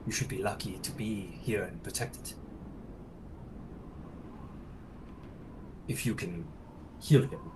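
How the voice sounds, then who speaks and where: A man's voice: fairly low pitch, normal speed, noisy background, natural voice. A man voicing a proud, courteous paladin commander with a dry, lightly teasing manner. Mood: wry.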